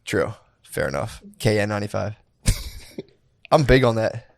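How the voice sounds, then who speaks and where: A man's voice: fairly low pitch, expressive, moderate pace, gravelly, no room sound, clean studio sound. A man co-hosting a comedy podcast in a laid-back, joking way, tossing "dude" into his sentences and laughing often. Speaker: podcast co-host. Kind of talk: casual comedic banter.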